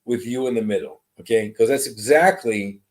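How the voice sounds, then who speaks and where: Guy hosting a live psychic stream, gentle and reassuring, says hi to everyone in chat. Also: medium pitch, normal speed, rough recording. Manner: greets chat viewers by name, soft and reassuring. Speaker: medium. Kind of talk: live-streamed mediumship reading.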